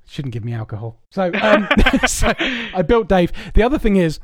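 A man's voice: sits high, big pitch swings, unhurried, no room sound, studio quality. A man hosting a podcast, rambling through his stories with plenty of swearing, amused at himself. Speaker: podcast host. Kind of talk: casual chat.

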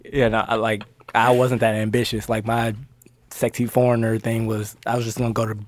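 A man co-hosting a podcast, dropping deadpan quips in a casual chat. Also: mid-range voice, brisk, a crowd in the background. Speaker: podcast co-host.

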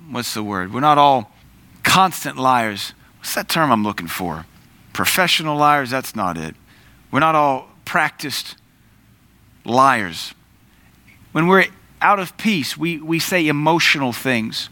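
Man, sermon, conversational preaching, bright forceful tone, dry close sound. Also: fairly high pitch, no echo. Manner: conversational preaching with asides and self-corrections. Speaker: pastor.

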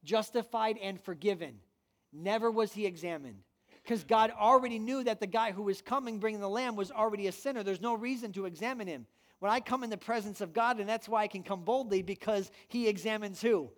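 A man's voice: sits high, fairly quick. A man pastor preaching a sermon to a room, emphatic and full of rhetorical questions. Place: church room with an audience.

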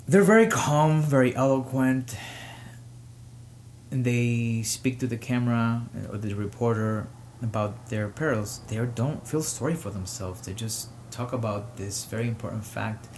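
A man hosting his own show, giving personal commentary with emotion, pausing often and rising to indignation. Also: mid-range voice, darkish tone, a little hiss or hum. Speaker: podcast host.

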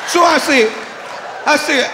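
A man's voice: very high voice, slow pace. A man from Detroit doing a profane stand-up comedy set, chuckling through his own punchlines, recorded live on a comedy club stage. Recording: echoey live club recording with crowd noise. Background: audience laughter and club ambience.

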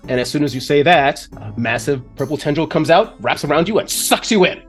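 A man hosting a podcast and narrating a tabletop role-playing game as game master, with playful, animated storytelling. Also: fairly high pitch, a little fast, faint music behind.

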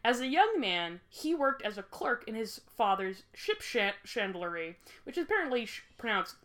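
A woman's voice: on the high side, big pitch swings, normal speed, a bit bright. Laughing young woman telling a history story. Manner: jokey, rambling storyteller who laughs often. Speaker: podcast host. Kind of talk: casual chat.

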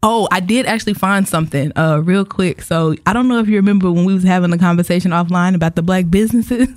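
A man's voice: high voice, fast, no echo, studio quality. A man hosting a casual podcast, chatty and loose, laughing as he tells stories. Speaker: podcast host.

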